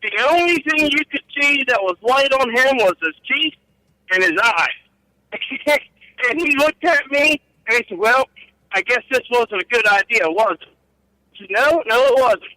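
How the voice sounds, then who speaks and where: A man's voice: very high-pitched, lively intonation, unhurried, pushed and bright, dry recording, low-quality recording. A middle-aged man telling rambling, profane stories about his trucking days and laughing at his own tales. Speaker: guest storyteller. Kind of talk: casual storytelling.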